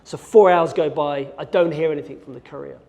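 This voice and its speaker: Giving a keynote in a large, reverberant hall, a middle-aged hostage negotiator from Birmingham, England recounts a dramatic tale and acts out both the scenes and what he was thinking. His voice is gravelly yet mellow, a bit high, and a little fast.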